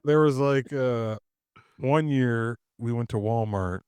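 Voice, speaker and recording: A man's voice: medium pitch, slow pace, darkish tone, clean tone, no room sound. Laid-back man telling a rambling, swearing story. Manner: rambling storyteller, swears freely, laughs mid-sentence. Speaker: podcast co-host. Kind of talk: casual chat.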